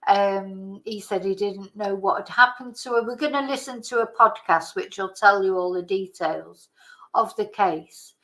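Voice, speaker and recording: A woman hosting her own channel, giving casual commentary and reading news articles aloud, slow and hesitant, stumbling over names. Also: medium pitch, fairly bright tone, low-quality recording. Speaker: channel host.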